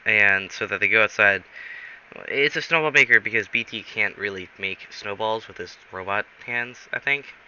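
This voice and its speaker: A man's voice: lowish voice, moderate pace, bright, forceful tone. A man rambling through an improvised comic story, correcting himself often and filling gaps with "um" and "like", on a dull recording with faint hiss. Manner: rambling, self-correcting, many fillers.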